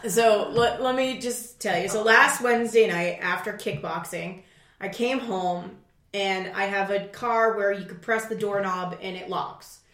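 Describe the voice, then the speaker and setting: A woman telling a story in a casual chat, profane and animated, acting out her own shouting. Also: mid-range voice, unhurried. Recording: roomy echo.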